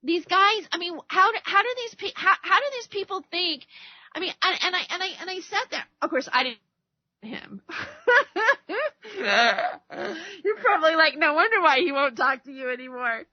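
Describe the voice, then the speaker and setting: A high-pitched woman hosts a radio talk show and rants in a rambling, heated way. She stammers and restarts her sentences, then acts out both sides of an argument. The sound is dry and a little dull, like a lo-fi radio recording. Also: expressive, normal speed, pauses often, no echo. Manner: acts out arguments by quoting others. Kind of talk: political rant monologue.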